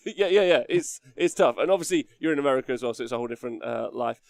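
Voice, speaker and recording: Male podcast host, gravelly and dry, relaxed banter. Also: mid-range voice, quick pace, no echo. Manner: chatty, laughs often, reads chat aloud. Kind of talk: casual livestream chat.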